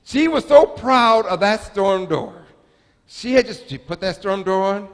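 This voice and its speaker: Man, 40s, pastor, humorous storytelling sermon, high voice, echoing church sanctuary. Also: unhurried. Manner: animated, humorous, chatty storyteller.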